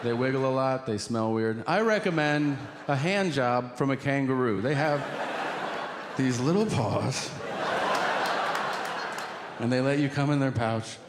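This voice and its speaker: A man's voice: medium pitch, unhurried, pauses often. A man performing a stand-up routine on stage, telling stories in a profane way and acting out the people in them. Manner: animated, profane storytelling with acted-out quotes. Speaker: stand-up comedian. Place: large hall on stage. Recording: reverberant hall with audience noise.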